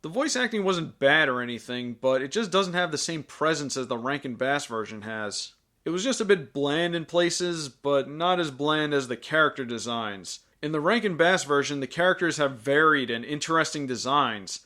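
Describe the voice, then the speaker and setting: A man's voice: on the high side, lively intonation, moderate pace, bright, forceful tone. Sarcastic male film reviewer. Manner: sarcastic, jokey. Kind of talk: scripted review commentary.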